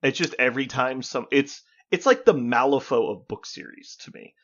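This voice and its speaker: A man co-hosting a podcast in casual chat, an animated storyteller who acts out both sides of exchanges, swears freely and laughs as he talks. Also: mid-range voice, moderate pace, highs cut off, slight background noise. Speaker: podcast co-host.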